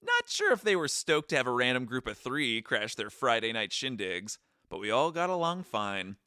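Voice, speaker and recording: Young man, podcast co-host, casual travel storytelling, very animated, bright tone. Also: mid-range voice, normal speed, clean tone, dry recording, studio quality. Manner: animated, goofy impressions, reads from notes.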